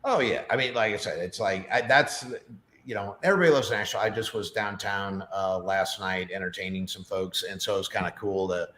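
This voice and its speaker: A man's voice: deep voice, a little fast, a bit bright, a little hiss or hum. A middle-aged man talking as a podcast guest in a casual, rambling way with lots of fillers. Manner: rambling, chatty, many fillers. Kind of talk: casual chat. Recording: roomy echo.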